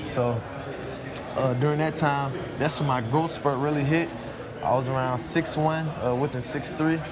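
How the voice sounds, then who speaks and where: A man's voice: medium pitch, steady tone, normal speed. A young man, a college football player, being interviewed and answering in a laid-back, colloquial, laughing way. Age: young adult. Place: outdoors at a busy media event. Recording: noisy crowd behind. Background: crowd chatter.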